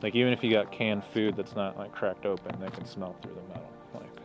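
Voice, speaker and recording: Curious guy hosting a campsite chat, lowish voice, lots of questions, music under it. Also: fairly even intonation, fairly quick, lo-fi sound. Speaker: host. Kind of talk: casual outdoor chat. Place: outdoors at a lakeside campsite.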